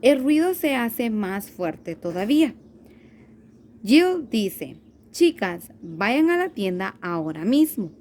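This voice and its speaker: A woman teacher reads a children's story aloud, slowly and with care, often stopping to repeat or fix a word. Her voice sits a little high. A faint hiss runs under the recording. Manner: careful, halting read-aloud with restarts and repeats. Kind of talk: reading a story aloud slowly, then in Spanish.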